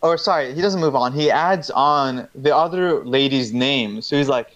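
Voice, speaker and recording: A man's voice: mid-range voice, moderate pace, a bit bright. A young man telling a story in casual chat, rambling and profane, with slang and many restarts. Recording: dull lo-fi sound.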